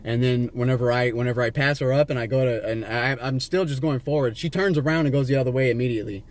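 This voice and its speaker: Sitting in the driver's seat, a man from Las Vegas, USA tells a stranger a long, winding story, a vlogger filming a street encounter on a handheld camera in the car. He swears freely, talks fast in a medium-pitched, mid-range voice, and keeps circling back with "you know what I'm saying," fillers, and false starts.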